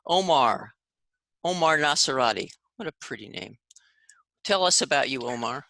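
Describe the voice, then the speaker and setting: Woman host, encouraging, low and bright, dry call audio. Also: animated, moderate pace, gravelly, no echo. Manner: encouraging, affirming. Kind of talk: hosting a video call. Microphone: video call.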